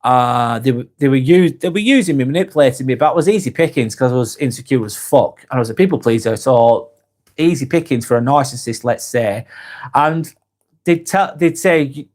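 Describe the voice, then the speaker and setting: A man's voice: mid-range voice, a little fast, a little mellow. Lancashire man with a cold, chatting frankly. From England. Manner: frank and casual, swears freely, many restarts. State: has a cold, coughing. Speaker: vlog host. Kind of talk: live-stream chat reading comments.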